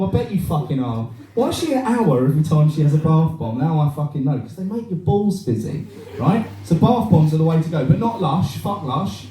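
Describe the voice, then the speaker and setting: A man's voice: high voice, brisk, few pauses, noisy background. A man doing a crude, rambling stand-up set, performing live in a cafe bar. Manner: crude, rambling, animated, swears a lot. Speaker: stand-up comedian. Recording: echoey room, mic heard from far.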